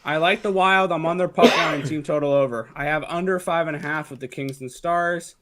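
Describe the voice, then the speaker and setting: A man co-hosting a casual sports betting show, laying out his hockey bets quickly with many fillers. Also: a little high, background noise.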